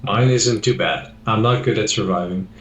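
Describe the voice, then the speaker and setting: A man's voice: lowish voice, moderate pace, slight background noise. A man playing in an online tabletop game, chatting casually on a dull, roomy call mic. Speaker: player.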